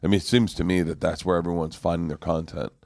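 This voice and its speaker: Brief: forties male comic, animated, swearing, laughing, dry sound. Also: sits low, quick pace, gravelly, dry recording. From Florida. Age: 40s. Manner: animated, profane, laughing storyteller. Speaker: guest comedian. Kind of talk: casual podcast storytelling.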